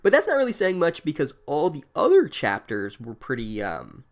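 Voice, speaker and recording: A young man giving a sarcastic, profane comedic recap of a book chapter in a deadpan voice. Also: a little high, moderate pace, creaky.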